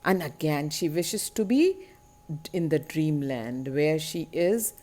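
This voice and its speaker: Slow, deliberate woman teacher explaining a poem. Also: low voice, expressive, darkish tone. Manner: slow, deliberate explaining, repeating key words, with rhetorical tag questions. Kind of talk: literature lesson explaining a poem.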